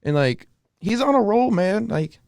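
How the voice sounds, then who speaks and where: A man's voice: sits high, animated, measured pace, vocal fry, darkish tone, no room sound, clean studio sound. A man co-hosting a sports podcast, chatting casually and rambling through stats with many restarts. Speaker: podcast co-host. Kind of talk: casual chat.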